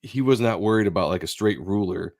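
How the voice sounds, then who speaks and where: A man's voice: lowish voice, a little fast, darkish tone, dry recording, studio quality. A man hosting a live stream, chatting in a laid-back way and tripping over his words now and then. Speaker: host. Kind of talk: casual chat.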